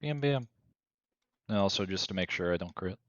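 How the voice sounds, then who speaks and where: Male player, low pitch, murmurs while reading rules, muffled dry voice chat. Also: expressive, normal speed, fairly bright tone, dry recording. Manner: checks rules aloud, mutters while reading. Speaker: player, rogue. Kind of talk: casual game table chat.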